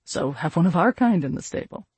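A man's voice: on the high side, expressive, a little fast, darkish tone, slightly rough, no room sound, full character voice. A man reading an audiobook, voicing a foolish, pompous young elf man who swaggers and offers unwanted help. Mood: indignant. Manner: pompous, smug.

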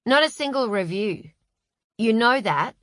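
A woman's voice: fairly high pitch, animated, a little slow, fairly bright tone, no echo, clean studio sound. A woman voicing a proud, prickly middle-aged romance novelist who speaks in short commanding lines. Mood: indignant. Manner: clipped, commanding.

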